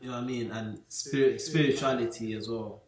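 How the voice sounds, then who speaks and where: A man's voice: medium pitch, fairly even intonation, a little fast, a crowd in the background. Young man in an echoey room. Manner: keeps asking "do you get me". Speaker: podcast co-host. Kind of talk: casual chat.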